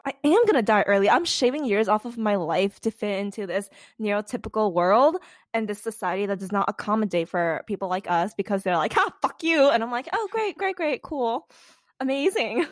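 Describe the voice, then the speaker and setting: A young woman co-hosting a podcast in casual chat, swearing freely and acting out quotes with big pitch jumps. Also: fairly quick, dry recording, clean studio sound. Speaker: podcast co-host.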